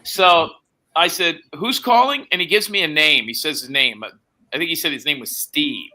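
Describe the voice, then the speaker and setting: A man's voice: on the high side, normal speed. A man telling a story in a casual chat, acting out both sides of a phone call and swearing freely. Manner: animated storytelling, acts out quoted phone dialogue, swears.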